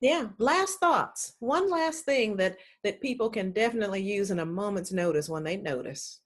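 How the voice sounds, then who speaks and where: A woman's voice: medium pitch, animated, moderate pace. A woman hosting an interview, giving short affirming responses and thanking her guest. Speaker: host.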